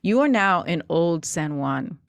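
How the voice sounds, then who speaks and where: A woman runs a tabletop horror game, painting scenes in a chatty, descriptive way and often pausing on fillers. Her voice sits a little low for a woman. It comes through dry and close, with no room sound. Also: expressive, gravelly, no echo. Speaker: game master.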